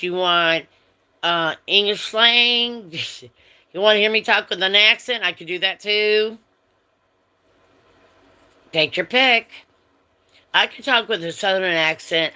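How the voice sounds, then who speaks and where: A woman hosts a casual livestream and talks straight to her viewers, answering their comments one by one. She speaks at an unhurried, drawn-out pace with a bright, forceful tone. She is friendly and chatty but turns firm and strict when someone is rude. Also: on the low side, clear, resonant tone. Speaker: livestream host.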